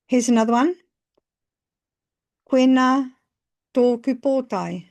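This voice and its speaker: A woman narrating a scripted language lesson, phrasing each example slowly and carefully. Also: fairly high pitch, darkish tone. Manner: slow, careful phrasing with pauses between examples. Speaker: language teacher.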